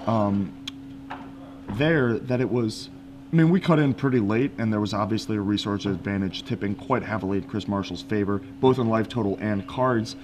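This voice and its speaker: A man's voice: fairly low pitch, normal speed, noisy background. Analytical male game commentator. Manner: analytical, with frequent fillers and restarts.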